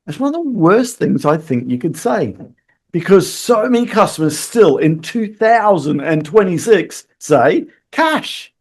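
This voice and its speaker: Man, podcast host, sales coach, lively delivery, acted-out dialogue, slightly high pitch. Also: measured pace, breathy edge. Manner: animated, acts out customer and salesperson lines. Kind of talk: podcast monologue.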